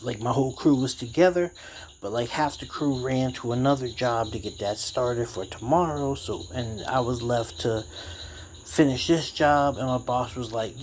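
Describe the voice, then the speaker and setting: A man tells a story in a loose, rambling way, swearing freely and using street slang. His voice sits at an ordinary middle pitch. A faint hiss runs under the recording. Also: moderate pace, a little mellow. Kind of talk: casual storytelling.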